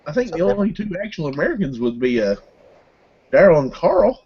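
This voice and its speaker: A man chatting casually in a group, relaxed and quick to laugh. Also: on the high side, dull audio. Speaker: chat participant.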